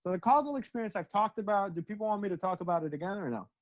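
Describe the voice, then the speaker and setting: A young man with a somewhat high voice tells a spiritual story in loose, profane slang and acts out both sides of every conversation. The recording is dry and a little muffled. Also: racing, no room sound. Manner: slangy, profane, animated retelling with quoted dialogue. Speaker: satsang speaker. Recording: dry, dull lo-fi sound.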